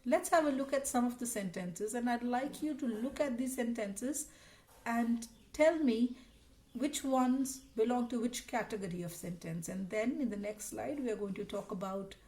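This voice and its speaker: A woman with a slightly high voice explains grammar in a recorded lesson. She talks patiently and reads out example sentences one after another. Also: darkish tone. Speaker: teacher.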